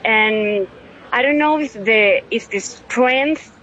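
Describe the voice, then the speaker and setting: Tearful venezuelan woman in her 30s, keeps restarting her words, slightly high voice, muffled phone line. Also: a bit bright. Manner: halting, many restarts and repeats. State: tearful, overwhelmed. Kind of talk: emotional phone interview.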